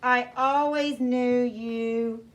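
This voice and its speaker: A woman voicing a gentle, encouraging mother duck in a soft, coaxing voice. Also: fairly high pitch, steady tone, very slow. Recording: distant mic, faint noise.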